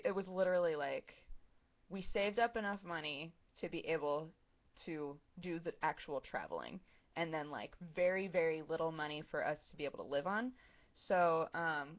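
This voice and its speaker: A young woman in her twenties chatting casually on a livestream, answering viewer questions in a rambling, giggly way full of "like" and "um". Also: lowish voice. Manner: rambling, giggly, heavy use of "like" and "um". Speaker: streamer answering chat questions. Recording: dull lo-fi stream audio.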